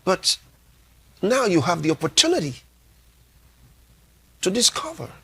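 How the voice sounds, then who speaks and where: A man preaching as a pastor, with a fairly high voice that rises on emphatic lines. He speaks slowly and deliberately, repeating key phrases. He reads scripture aloud in a measured cadence. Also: big pitch swings, gravelly, a bit bright, slightly rough. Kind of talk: sermon.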